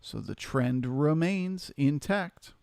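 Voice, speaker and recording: Gravelly man hosting a live trading stream. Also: a little high, slow, darkish tone, no room sound, studio quality. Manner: casual, reads chat aloud and thanks viewers. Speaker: livestream trading host. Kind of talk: live market commentary and chat replies.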